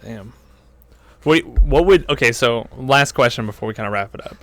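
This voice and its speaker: A man's voice: mid-range voice, animated, normal speed, fairly bright tone, no room sound. A young man co-hosting a podcast, chatting casually with crude jokes and lots of "like" fillers. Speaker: podcast co-host. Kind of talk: casual chat.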